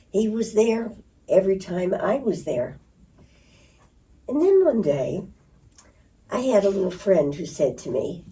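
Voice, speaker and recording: An older woman telling stories in an interview, laughing and acting out voices. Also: lowish voice. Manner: lively storyteller who laughs and acts out voices. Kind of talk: reminiscing storytelling. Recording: distant mic.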